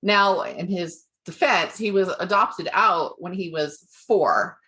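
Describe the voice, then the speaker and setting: A woman's voice: fairly low pitch, slow, bright, forceful tone. A woman hosting a podcast, chatting casually and laughing often. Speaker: podcast host. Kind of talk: casual chat.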